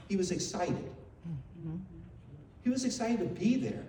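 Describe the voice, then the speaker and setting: A man's voice: high voice, dark tone, slight background noise. An older man telling heartfelt, emotional stories in a memorial tribute, repeating phrases as he speaks. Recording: very echoey hall, voice from far off.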